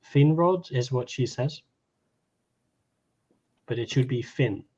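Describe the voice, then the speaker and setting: A man's voice: mid-range voice, slow pace, dark tone, slightly rough. A man co-hosting a casual chat, earnest and fussy about pronunciation. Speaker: co-host. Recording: dull lo-fi sound.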